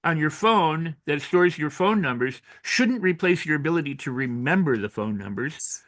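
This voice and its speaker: With a fairly high pitch and a moderate pace, this older author and personal growth coach tells stories animatedly during an interview. He voices the people he quotes and keeps restarting and repeating his sentences.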